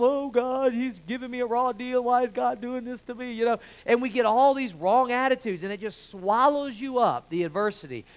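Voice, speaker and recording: A man's voice: high-pitched, a bit bright, smooth. A man preaching a sermon, emphatic and conversational, full of rhetorical questions.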